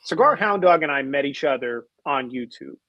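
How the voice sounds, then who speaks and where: A man's voice: medium pitch, animated, moderate pace, pushed and bright, no echo, muffled recording. A man on a podcast, talking bluntly and emphatically in casual chat, swearing now and then. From raised by New Jersey people. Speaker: podcast co-host.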